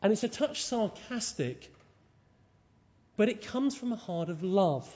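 A man delivers a sermon in a fairly high, mellow voice. He works through the scripture carefully and keeps asking the congregation rhetorical questions. The lo-fi recording carries a long, echoing hall reverb. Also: very animated, unhurried. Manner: expository, with rhetorical tag questions. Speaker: preacher.

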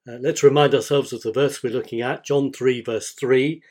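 A man preaching a sermon as pastor, speaking deliberately and repeating key phrases for emphasis. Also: medium pitch, steady tone, darkish tone.

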